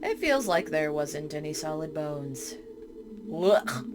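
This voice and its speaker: A woman's voice: low-pitched, very animated, slow pace, background noise. Woman reading a horror game aloud. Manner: reads the game text aloud, breaking off for startled, chatty asides. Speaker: game streamer.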